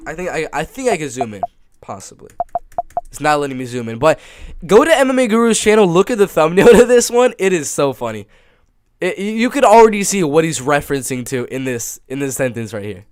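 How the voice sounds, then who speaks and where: A man hosting a casual reaction video, rambling and stammering as he repeats himself. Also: fairly high pitch. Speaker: YouTube reaction host.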